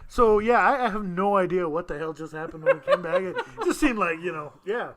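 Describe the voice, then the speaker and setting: A man's voice: high-pitched, very animated, fairly quick, crowd noise. A man co-hosting a podcast, rambling and joking with friends and laughing often. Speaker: podcast co-host. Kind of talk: casual podcast banter.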